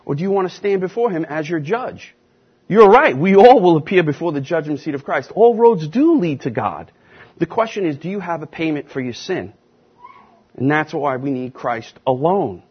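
A man teaches scripture in an emphatic sermon style, leaning hard on key words and slowing down to hammer them home. His voice is husky and sits a little high for a man. The recording sounds dull and lo-fi. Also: expressive. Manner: emphatic, stresses key words with slow deliberate repetition. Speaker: pastor teaching a class.

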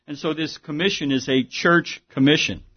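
A man's voice: fairly high pitch, moderate pace, breathy edge, lo-fi sound. A man preaching a sermon, with an emphatic, conversational delivery full of asides and rhetorical questions. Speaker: pastor.

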